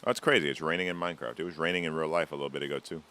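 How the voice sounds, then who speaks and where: A man with a low, deep voice talks casually to his chat while he plays a game on a live stream. His talk rambles and teases, with easy swearing throughout. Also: steady tone, racing, pushed and bright.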